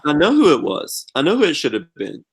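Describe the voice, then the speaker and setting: A middle-aged man with an Eastern North Carolina accent speaks a little fast in a slightly high, husky voice. As a podcast guest in a casual chat, he's an animated storyteller who tells his tales dramatically.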